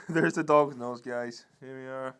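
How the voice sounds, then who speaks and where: A man's voice: mid-range voice, steady tone, slow pace, a bit bright, clear, resonant tone. A young man, chatting in a casual vlog, rambling with many restarts and scolding and cooing at his dog. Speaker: vlogger.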